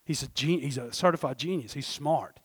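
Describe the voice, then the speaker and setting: A middle-aged man preaching a sermon, rambling and breaking off mid-thought, his voice swinging from hushed asides to shouts. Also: mid-range voice, a little fast, husky, dry recording.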